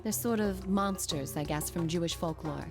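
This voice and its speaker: A woman's voice: on the low side, normal speed, vocal fry. An actress voicing a composed young woman in a video game, speaking in a poised, explanatory way. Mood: explaining. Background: game music.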